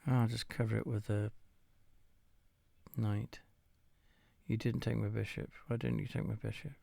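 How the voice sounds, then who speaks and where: A man's voice: fairly low pitch, flat delivery, measured pace, creaky, mellow, no echo. A tired man, casually commenting while he plays a game of chess, muttering and swearing now and then. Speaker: gamer playing chess against the computer.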